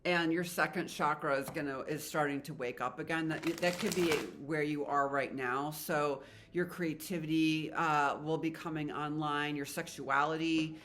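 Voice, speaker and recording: A woman's voice: low voice, steady tone, moderate pace, hardly any pauses, background noise. A woman giving a casual tarot reading to her viewers, chatty and rambling, with an emotional, spiritual manner. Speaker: tarot reader.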